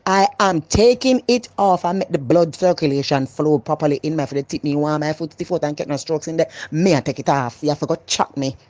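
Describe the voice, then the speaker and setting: A woman with a Jamaican accent, talking loudly and animatedly in a casual, opinionated vlog monologue. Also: sits low, a little fast, hardly any pauses, no room sound. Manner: animated, loud and emphatic. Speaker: vlogger.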